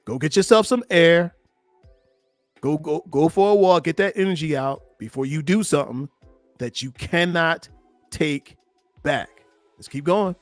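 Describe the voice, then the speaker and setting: A man who is a relationship coach and host, giving animated live-stream commentary on video clips and repeating himself as he urges viewers to like. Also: fairly high pitch, measured pace, long pauses, no echo, soft background music.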